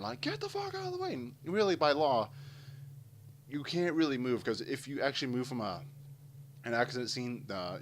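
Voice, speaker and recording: A man's voice: medium pitch, a little hiss or hum. A man casually telling a long, rambling story full of swearing while playing a game. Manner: rambling, profane, animated storyteller. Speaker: gameplay commentator. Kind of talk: casual storytelling over gameplay.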